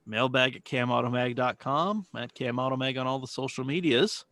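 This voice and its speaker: A man's voice: mid-range voice, brisk, a bit bright, no echo. A man co-hosting a car podcast in casual chat, laid-back and profane, often trailing off and restarting. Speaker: podcast co-host. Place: home basement.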